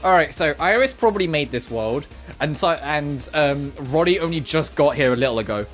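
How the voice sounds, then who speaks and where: Low-voiced swearing woman streamer. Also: expressive, moderate pace, soft background music. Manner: chatty, swears freely. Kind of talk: casual gameplay commentary.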